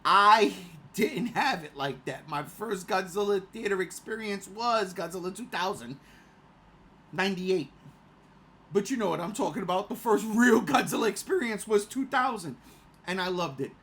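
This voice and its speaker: A man in his forties chatting casually as a podcast co-host. He rants with big swings from loud outbursts to low mutters, swears freely and laughs mid-sentence. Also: expressive, normal speed. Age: 40s. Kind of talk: casual chat.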